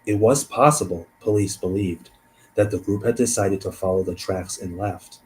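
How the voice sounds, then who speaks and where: A man hosting a stream, reading a case aloud and thinking out loud between passages, trailing off and restarting. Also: sits low, fairly even intonation, normal speed, slight background noise, poor audio. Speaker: host.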